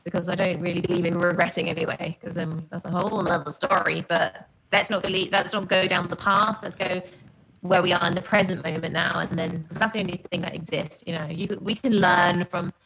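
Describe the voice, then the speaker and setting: A woman's voice: on the low side, fairly even intonation, fairly quick, a bit bright, a little hiss or hum, rough recording. A woman with a non-American English accent, guest on a podcast, talking in a rambling, laughing, playful way over a remote call. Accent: non-American English, often taken for Australian. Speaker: guest singer. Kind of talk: casual podcast interview.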